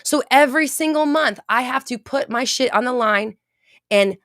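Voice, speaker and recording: Blunt, profane woman host, high voice. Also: moderate pace, a bit bright, no room sound, clean studio sound. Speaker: podcast host. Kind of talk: casual motivational talk.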